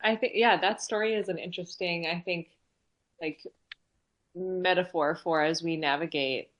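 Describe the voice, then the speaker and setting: A woman's voice: fairly low pitch, fairly even intonation, moderate pace, a bit bright, highs cut off. A woman hosting a casual podcast conversation, reflective and agreeing, with some fillers. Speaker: podcast host.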